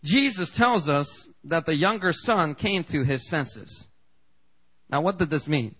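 A man's voice: a little high, expressive, unhurried, a bit bright, husky. A man preaching a sermon in a casual, conversational way, acting out the quoted lines with big jumps in voice. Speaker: pastor.

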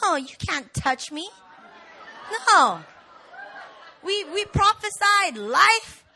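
A woman pastor preaching a sermon, animated and rising to shouts in the swells of her message. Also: very high voice, extremely slow, a faint crowd. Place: church hall.

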